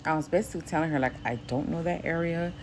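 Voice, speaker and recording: A woman from New York casually telling a personal faith testimony, acting out quoted speech in a higher voice. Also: quick pace, slight background noise. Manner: grows quieter and softer later in the story. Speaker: Christian vlogger.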